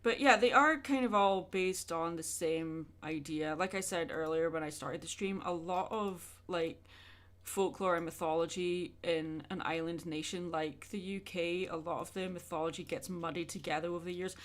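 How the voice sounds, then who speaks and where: A woman's voice: lowish voice, moderate pace, few pauses, a bit bright. A young woman chatting casually with her viewers during a drawing livestream, rambling and answering questions as she goes. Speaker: art streamer.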